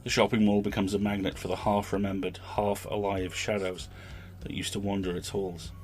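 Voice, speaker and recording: A man's voice: fairly low pitch, level tone, normal speed, darkish tone, slight background noise. A man hosting a fiction podcast, reflecting on the story in a thoughtful, literary way. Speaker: podcast host.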